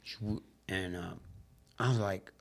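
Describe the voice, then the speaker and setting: A man telling his life story as a podcast guest in casual, animated storytelling, swearing freely and acting out the voices of the people in his story. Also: measured pace, gravelly. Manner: drops low and quiet on emotional moments.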